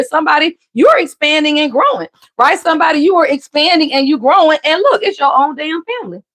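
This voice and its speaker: Loud, profane high-voiced woman reader. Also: expressive, a little fast, hardly any pauses. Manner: blunt, profane, repeats "y'all" constantly; sudden jumps between loud emphasis and low asides. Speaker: spiritual reader on a live stream. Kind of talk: live tarot reading stream.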